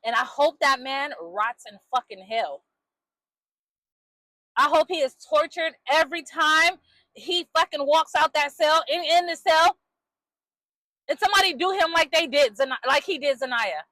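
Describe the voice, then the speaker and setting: A young woman, a mother, speaking bluntly and angrily into her phone, swearing freely, her voice dropping low when she gets upset. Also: moderate pace, bright, forceful tone, no room sound, rough recording. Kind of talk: emotional vlog monologue.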